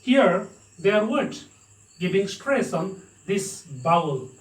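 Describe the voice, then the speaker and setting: High-voiced Indian English teacher, echoey. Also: male voice, sing-song, slow. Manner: spells out words letter by letter, checks with "Got it?". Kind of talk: recorded English lesson. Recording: echoey room, mic at a distance.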